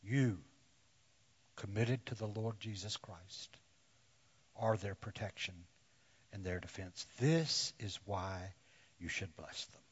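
A man preaching a sermon to men in slow, deliberate phrases that often sink to a hush. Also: fairly low pitch, breathy edge, muffled recording. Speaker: pastor.

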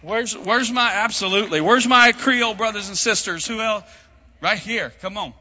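Pastor guy preaching, high voice, big church echo, kinda muffled. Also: moderate pace, pushed and bright. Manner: preaching, calls on the congregation to speak. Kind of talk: sermon. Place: church hall. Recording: muffled sound with long hall reverb.

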